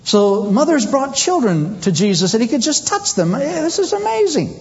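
A male preacher giving a sermon in a humorous, animated way, acting out scenes. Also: very high voice, moderate pace, highs cut off.

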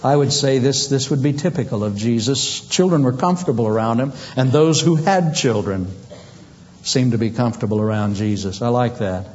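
A male preacher giving a sermon in a humorous, animated way, acting out scenes. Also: medium pitch, moderate pace, muffled recording, slight background noise.

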